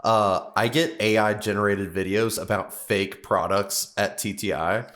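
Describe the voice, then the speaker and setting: Laid-back podcast co-host, man, fairly low voice, halting delivery. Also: steady tone, a bit bright. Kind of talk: casual chat.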